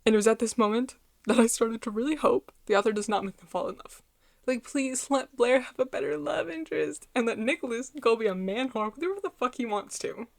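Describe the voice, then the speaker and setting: A woman's voice: a little high, fairly quick, gravelly. A woman giving a casual book review, summarizing the plot in a blunt, outspoken way and swearing freely.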